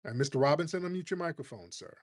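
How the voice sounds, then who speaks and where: A man's voice: fairly high pitch, animated, very fast. A man hosting a live online audio room, talking in a mocking, combative way and calling listeners family. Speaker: host. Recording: remote live-stream audio.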